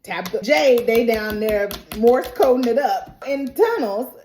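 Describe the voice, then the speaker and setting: A woman recapping a TV episode in a lively, casual, very reactive way. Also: fairly high pitch, measured pace, slight background noise. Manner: lively, colloquial, reacts loudly. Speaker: TV recap YouTuber. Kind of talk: animated show recap. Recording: roomy echo.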